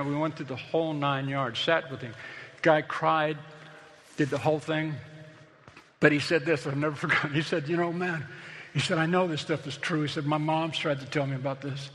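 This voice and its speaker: A man's voice: on the high side, fairly bright tone, in a large hall. A middle-aged man, a pastor, preaching a sermon in a conversational, storytelling way that builds to emphatic points.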